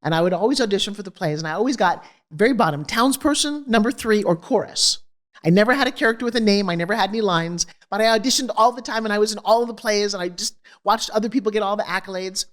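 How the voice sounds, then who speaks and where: Woman guest on an interview, talks quick and lively, spilling her life story. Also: medium pitch. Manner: energetic, expressive storyteller.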